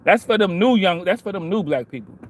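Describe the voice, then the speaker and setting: High-pitched, expressive, and brisk, this vlogger in his forties speaks straight to camera in a casual, cursing monologue, his points punctuated over and over with "man" and "bro."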